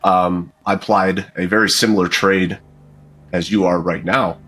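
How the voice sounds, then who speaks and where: A man's voice: low-pitched, steady tone, unhurried, fairly bright tone, slightly rough, heavily acted. A man voicing a persuasive male merchant in a put-on regional accent. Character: smooth-talking male merchant, money handler.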